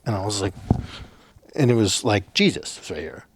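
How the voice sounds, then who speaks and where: A man's voice: lowish voice, lively intonation, normal speed, a little hiss or hum. A man from a Navajo reservation, a podcast guest, telling stories in a rambling casual way with lots of fillers and cursing. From Navajo reservation, United States. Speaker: podcast guest, former soldier. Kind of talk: casual storytelling.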